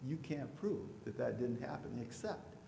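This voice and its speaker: A man preaching a sermon as pastor, now and then mimicking loud objectors. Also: mid-range voice, animated, moderate pace, gravelly, slight background noise. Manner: preachy, rising to loud mocking voices for imagined objectors. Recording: echoey hall with long reverb.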